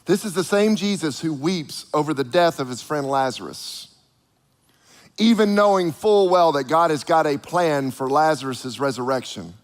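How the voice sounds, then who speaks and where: Male preacher, high voice, lively delivery with acted-out voices, long hall reverb. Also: normal speed. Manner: animated, acts out the voices of people he quotes. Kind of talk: sermon.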